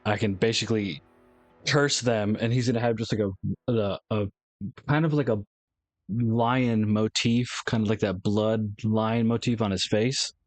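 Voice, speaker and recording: A man's voice: lowish voice, steady tone, unhurried, dry recording. A man taking his turn as a player in a tabletop game, hesitantly describing his character's actions in first person.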